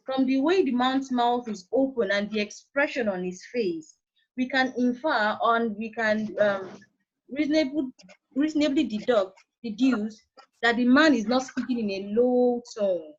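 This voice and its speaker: A woman's voice: fairly high pitch, a little slow. Nigerian woman teaching an online class. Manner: patient, coaxing, calls on students by name. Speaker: secondary school English teacher. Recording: dull lo-fi online call audio.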